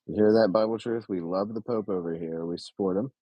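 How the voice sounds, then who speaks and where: A man doing casual live reaction commentary from a home streaming setup, excitable and blunt, with long drawn-out oohs and casual swearing. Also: lowish voice, dry recording, dull audio.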